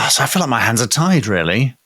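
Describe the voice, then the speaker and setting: A man's voice: medium pitch, moderate pace, husky. Wry man co-hosting a podcast. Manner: wry, self-correcting, deadpan asides. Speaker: podcast co-host. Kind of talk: comedic casual chat.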